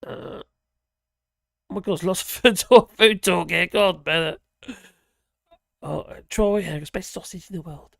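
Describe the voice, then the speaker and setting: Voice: mid-range voice, unhurried, gravelly, long pauses, dry recording, clean studio sound. A live-stream host from Norwich, chatting casually and reacting aloud to viewer comments in a rambling way. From Norwich, England.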